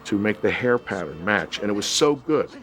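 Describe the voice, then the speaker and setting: Low-voiced man recalling a film shoot. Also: animated, moderate pace, fairly bright tone, faint music behind. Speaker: actor interviewee. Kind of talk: documentary interview recollection.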